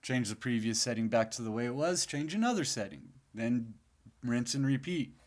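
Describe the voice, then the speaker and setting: A man's voice: medium pitch, animated, normal speed. A man hosting his own podcast in a casual, rambling monologue, sleepy and yawning, swearing freely now and then. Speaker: podcast host.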